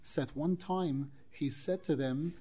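A man teaching a Torah class as a rabbi, animated, acting out quoted dialogue and weaving in Hebrew phrases. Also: fairly high pitch, unhurried, breathy edge. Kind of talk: Torah lecture.

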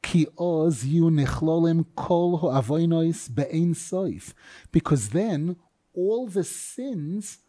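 This man, teaching a Torah class, chants each phrase of the text and then unpacks it with lively rhetorical questions. His voice is fairly high and he moves at a slow pace.

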